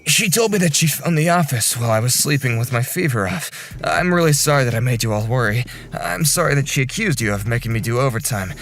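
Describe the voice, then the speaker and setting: A man's voice: medium pitch, quick pace, hardly any pauses, fairly bright tone, natural voice. A man voicing a feverish, exhausted young office worker who pleads in a strained, desperate way. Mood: weak, apologetic. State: sick and worn out.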